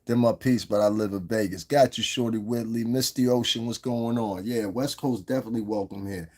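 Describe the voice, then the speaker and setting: A man's voice: fairly low pitch, fairly quick, a little mellow. A middle-aged man hosting an unscripted livestream, talking bluntly and with a lot of swearing straight to the viewers in his chat. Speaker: livestream host. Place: lives in Las Vegas.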